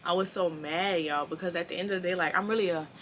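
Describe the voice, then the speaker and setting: A woman in her early twenties telling a personal story in a casual, animated and profane way, acting out the dialogue. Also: on the low side, fast, slight background noise. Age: early 20s. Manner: animated, blunt and profane, acts out quoted dialogue. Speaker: storyteller vlogger.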